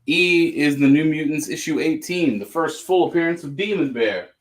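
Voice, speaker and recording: A man with a Southern American accent hosts a live sale, chatting casually and joking as he reads out the items. His voice is fairly high and his pace moderate.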